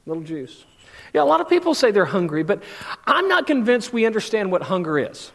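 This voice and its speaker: High-voiced preacher in a reverberant church. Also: male voice, big pitch swings, brisk, vocal fry. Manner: preaching with big swings between loud and hushed delivery. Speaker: pastor. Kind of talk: sermon. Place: church sanctuary.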